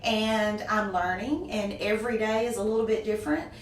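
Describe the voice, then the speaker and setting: Speaking at a moderate pace in a medium-pitched voice, this middle-aged woman with a Southern US accent is a small business owner being interviewed as a guest. She's warm and gracious, laughing frequently through the conversation. The recording comes from across an echoey room and carries faint noise.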